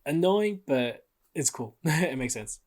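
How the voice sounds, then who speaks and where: A man's voice: medium pitch, animated, takes it slowly, a little mellow, breathy edge. A man co-hosting a podcast, chatting casually in a laid-back, rambling way with lots of fillers and swearing. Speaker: podcast co-host. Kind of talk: casual chat.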